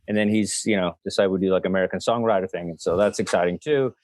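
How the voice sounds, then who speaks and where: A man's voice: low-pitched, steady tone, fast talker, a little mellow, no echo. A man hosting a casual comedy podcast over a video call, rambling and self-deprecating, with lots of fillers. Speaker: podcast host. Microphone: unplugged mic, sound via built-in mic.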